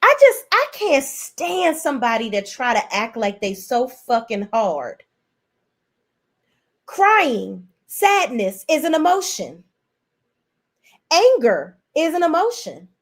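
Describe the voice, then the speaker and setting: A young adult woman hosts a reality TV recap in a casual, ranting style. Her voice sits fairly high, and she swears freely and talks bluntly and animatedly. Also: huge pitch swings, slow pace.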